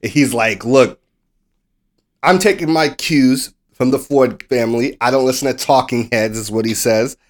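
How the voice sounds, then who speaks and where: An American man co-hosting a sports podcast, telling a story in a casual, animated way and acting out the people he quotes. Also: medium pitch, normal speed. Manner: swears casually. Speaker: podcast co-host.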